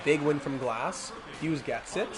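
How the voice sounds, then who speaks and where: A man's voice: fairly high pitch, a little slow, crowd noise. A man streaming a hockey video game, calling the action like a sportscaster and chatting with viewers between plays. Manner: mock sportscaster calls, asides to chat. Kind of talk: play-by-play commentary while gaming.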